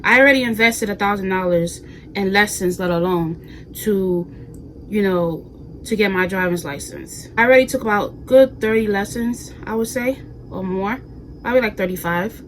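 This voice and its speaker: A mid-range female voice at a moderate pace, captured with poor audio and slight background noise. She's a vlogger in her twenties from New York, casually chatting to viewers from her bedroom, lively and sassy, talking directly to them in slang.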